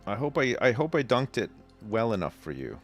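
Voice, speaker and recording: A man's voice: medium pitch, big pitch swings, a little fast, soft background music. A man hosting a livestream, casually commenting on his gameplay, rambling and self-deprecating, and reading game text aloud. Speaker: livestream host.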